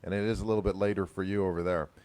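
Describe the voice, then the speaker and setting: Low-voiced Canadian man hosting. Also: fairly even intonation, rapid-fire, darkish tone. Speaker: host. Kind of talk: livestream talk show hosting.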